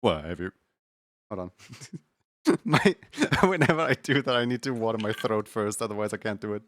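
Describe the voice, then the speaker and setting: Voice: medium pitch, animated, moderate pace, fairly bright tone, no room sound. Laughy rambly streamer, voice bouncing all over, dry close mic. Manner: chatty, laughs often, rambling. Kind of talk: casual stream chat.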